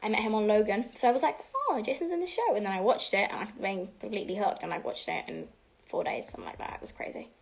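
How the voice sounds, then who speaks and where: A teenage girl answering fan questions on a home livestream, chatting casually and switching between English and Spanish, sometimes dropping to a soft half-whisper. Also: medium pitch, rapid-fire, gravelly. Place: home room.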